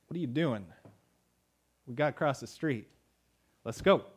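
A man's voice: mid-range voice, lively intonation, a little slow, husky. A man voicing an irritated blind man who scolds his guide dog in an impatient, grumbling way.

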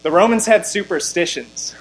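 A man preaching an expository sermon, reading scripture aloud and pressing his points with rising force. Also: poor audio. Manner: emphatic, rising in pitch and volume on key lines, slowing to stress scripture.

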